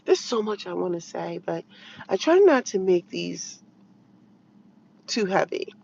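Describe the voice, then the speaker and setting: With a gravelly, husky voice and an unhurried delivery, a woman vlogs her opinions through an animated, blunt, exasperated story. She acts out her own retorts, her pitch jumping sharply each time. The recording is muffled.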